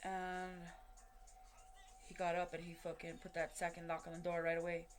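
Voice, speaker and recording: A woman's voice: on the low side, monotone, normal speed, soft background music. A woman recounting a personal story in a rambling, heavily profane way, full of fillers and restarts and acting out what people said. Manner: re-enacts what people said in quoted dialogue. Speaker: vlogger telling a personal story. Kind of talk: casual spoken storytelling.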